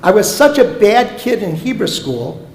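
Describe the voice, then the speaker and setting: This professor of Jewish education, a guest speaker from Omaha, United States, animatedly spins comic stories with punchlines during a sermon-style talk. His voice sits high with vocal fry and moves at a normal speed, captured in a synagogue sanctuary with an echoey, long-reverb sound.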